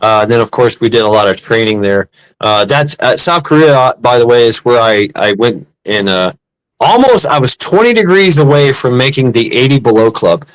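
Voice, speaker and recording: A former Marine chatting casually, telling a story with lots of fillers and restarts. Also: male voice, mid-range voice, lively intonation, no echo, poor audio. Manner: halting, many restarts and "uh" fillers. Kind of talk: casual chat, telling war stories.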